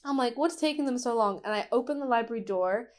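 A woman's voice: on the high side, fast. A woman telling a story in casual conversation as a podcast co-host, laughing often and acting out what others said. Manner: animated, laughing often, acting out quoted voices.

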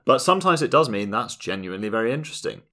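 A man's voice: sing-song, racing, a bit bright. An English man co-hosting a podcast in casual chat, dry and ironic. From England. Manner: dry, ironic, mimics others in sudden high voices. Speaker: podcast co-host.

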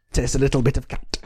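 Slow, joking game master. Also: medium pitch, slight background noise. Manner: joking, laughs often. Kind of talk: casual tabletop game chat.

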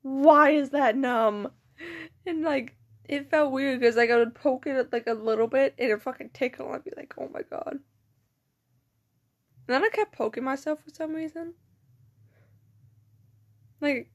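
A teenage girl vlogger talks straight to her audience in a high voice at a moderate pace, with long pauses. She rambles from tangent to tangent in casual chat, swearing freely and giggling through her stories, her mouth still numb from dental work.

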